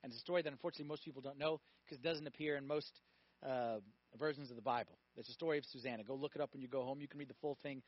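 A man's voice: mid-range voice, fairly even intonation, rapid-fire, dry recording, dull audio. A man preaching a sermon, telling stories animatedly, acting out voices and asking the audience questions.

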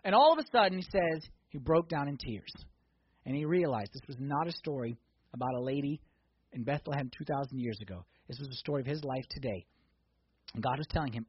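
A man preaching a sermon in a church, swinging from hushed intensity to loud, excited exhortation. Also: mid-range voice, brisk, highs cut off, a little hiss or hum. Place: church sanctuary.

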